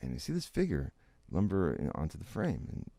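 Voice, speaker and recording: A man with a very low, gravelly voice tells a story in a loose, casual way. His pitch swings widely as he acts out what others said. The sound is dry and close to the mic. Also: brisk, no echo. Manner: animated storyteller, acts out quotes, laughs often. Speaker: interview guest.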